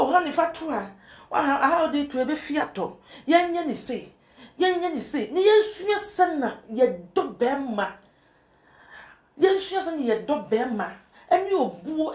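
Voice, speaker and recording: A woman's voice: high voice, echoey room. A woman from Ghana, a talk show guest, giving earnest advice and quoting scripture. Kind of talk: casual studio chat.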